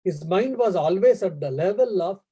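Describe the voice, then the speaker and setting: A monk giving an earnest spiritual talk, explaining as he goes and pausing on fillers. His voice sits high, with a mellow, husky tone. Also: animated, poor audio. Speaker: monk and lecturer. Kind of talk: spiritual lecture with storytelling. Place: embassy lecture event.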